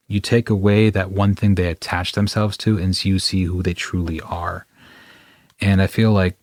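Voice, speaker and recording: A man's voice: sits low, dry recording. A man hosting a podcast in a studio, talking in a reflective, rambling way and poking fun at his own wording. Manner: reflective, rambling, self-deprecating. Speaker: podcast host. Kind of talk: casual interview chat.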